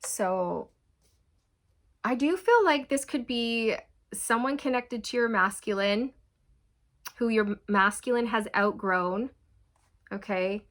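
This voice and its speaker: A woman's voice: on the high side, expressive, slow, long pauses. Woman doing a tarot reading for her channel, talks to viewers, laughs a lot, keeps saying okay. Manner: warm, repetitive, addresses viewers as you guys; often laughs and says okay. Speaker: tarot reader.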